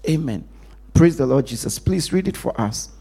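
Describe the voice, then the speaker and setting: Husky, lively male preacher. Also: normal speed. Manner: call-and-response preaching, lively pitch, drops to a hush for emphasis. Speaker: pastor. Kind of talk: sermon.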